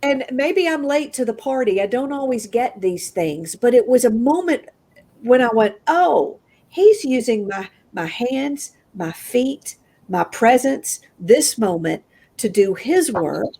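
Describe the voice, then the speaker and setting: A woman with a Southern American accent telling a personal story as an interview guest, acting out the voices of the people in it with big jumps in pitch. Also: expressive, unhurried, warm tone.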